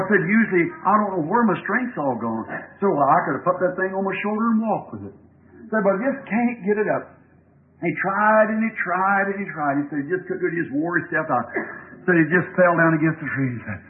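A man's voice: high-pitched, fast talker. Fervent preacher man on a tinny recording. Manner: fervent storytelling, building to shouting. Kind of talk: sermon with retold story and prayer. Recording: tinny lo-fi recording with faint hiss.

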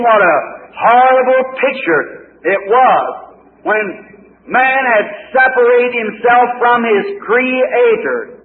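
A man's voice: extremely high pitch, slight background noise. A man preaching a folksy revival sermon, telling homespun stories with chuckles and building to fervent exclamations. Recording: echoey hall on a tinny old recording.

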